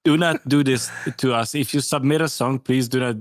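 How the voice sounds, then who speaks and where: A man's voice: medium pitch, steady tone, normal speed, dry recording, studio quality. Amused man rambling on a stream. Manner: amused, rambling, restarts sentences. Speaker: guest track reviewer. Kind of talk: casual live-stream chat.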